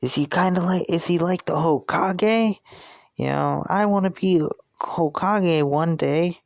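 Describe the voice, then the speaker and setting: A man voicing an eager, excited young boy ninja who dreams of leading his village. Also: on the high side, unhurried, vocal fry, dry recording, studio quality, pitched above the performer's own voice. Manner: excited, wide-eyed questions.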